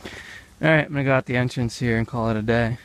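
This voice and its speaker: A young adult American travel vlogger walks through an outdoor park with animal pens, offering rambling, offhand commentary full of jokey asides. His mid-range voice is smooth and quick, with fairly even intonation.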